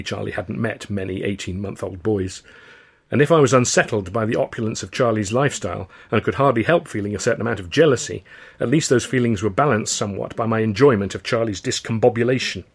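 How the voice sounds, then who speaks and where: Gravelly, wry male narrator. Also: on the low side, brisk. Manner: wry storyteller's delivery. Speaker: author reading his novel. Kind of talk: scripted narration.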